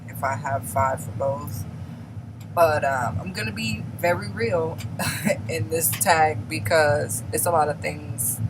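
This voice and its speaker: Woman vlogger, blunt and candid, casual delivery, noisy take with traffic behind. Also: deep voice. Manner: candid, blunt, emphatic with laughs. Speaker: beauty vlogger. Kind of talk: casual confessional chat.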